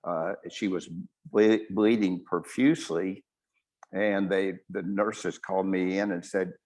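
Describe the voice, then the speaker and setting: A man, a surgeon, recounting a patient's story on a webinar in a halting way, with frequent restarts and self-corrections. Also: low voice, fairly even intonation, darkish tone.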